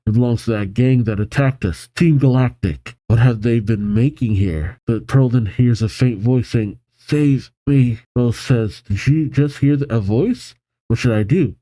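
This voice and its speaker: A man hosting a manga reaction, reading the panels aloud and commenting with animated excitement. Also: mid-range voice, normal speed, no echo, rough recording. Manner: animated, reads character lines with excitement, laughs often.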